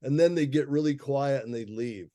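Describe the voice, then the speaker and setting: A man's voice: medium pitch, moderate pace, dark tone, no room sound. A man, an herbalist guest, telling a personal story in a casual interview, laughing often and acting out the people he quotes.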